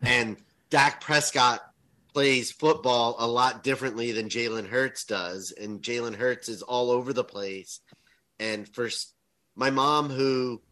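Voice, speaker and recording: A man chatting casually as a podcast co-host, telling stories in an animated way and swearing freely. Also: rough recording. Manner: animated storytelling, swearing, rises high when excited. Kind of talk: casual chat.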